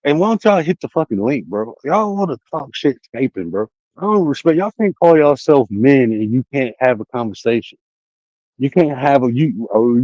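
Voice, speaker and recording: On his own stream, a man who streams and works as a life coach rants casually in a warm, mid-range voice. The streaming setup mic yields a dry recording with the highs cut off. He mocks the chat with profanity and invites viewers to join the call if they dare.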